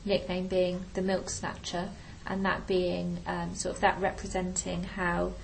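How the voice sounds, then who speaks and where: Woman teacher, very monotone, gravelly fry, faint background hiss. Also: fairly low pitch, measured pace, poor audio. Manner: hesitant, many ums. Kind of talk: recorded literature lesson discussion.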